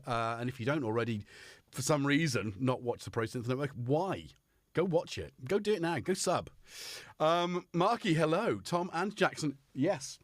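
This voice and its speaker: A man's voice: on the high side, dry recording. A British man hosting a casual live stream from his home studio, chatty and jokey as he greets viewers by name. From United Kingdom. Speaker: host. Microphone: headphones on, studio mic.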